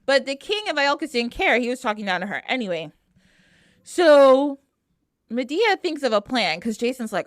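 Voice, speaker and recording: A woman's voice: fairly high pitch, very animated, moderate pace, dry recording, studio quality. A woman co-hosting a podcast, retelling a myth in casual slang, acting out the characters' lines and laughing often. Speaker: podcast co-host.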